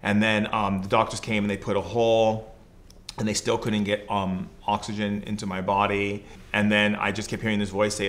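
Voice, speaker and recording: A man's voice: on the low side, flat delivery, moderate pace, a bit bright. A man, a podcast guest who works as a shaman, telling a personal story in casual conversation, loose and earnest, filled with "like" and "you know".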